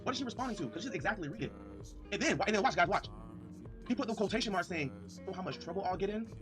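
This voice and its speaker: A man livestreaming, excitedly reading messages aloud and talking straight to his chat. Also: high-pitched, very fast, over music. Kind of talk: livestream commentary.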